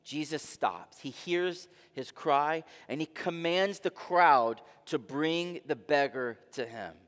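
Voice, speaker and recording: A man pastor preaching a dramatic sermon, with rhetorical questions and swings between soft and loud delivery. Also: on the high side, slow. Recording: long reverb of a large hall.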